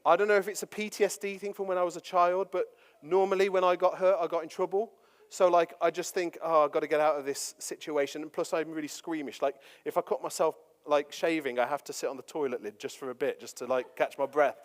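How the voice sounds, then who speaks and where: A fairly high-voiced man preaches in a loose, chatty way and pokes fun at himself as he tells his stories. The sound hangs in a reverberant church hall, and a long tail of echo follows every phrase. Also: fairly even intonation, fast. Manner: chatty, self-deprecating storytelling. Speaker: pastor. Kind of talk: storytelling sermon.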